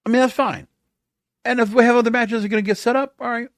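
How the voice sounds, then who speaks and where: A man's voice: very high voice, fairly even intonation, fast, no echo, studio quality. A man hosting a wrestling podcast, delivering a sarcastic, exasperated solo rant full of rhetorical questions.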